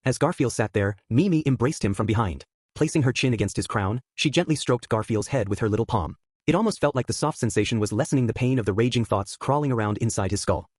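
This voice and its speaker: A man narrating an audiobook with a steady storytelling read. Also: medium pitch, quick pace, husky, dry recording, clean studio sound. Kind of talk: scripted narration.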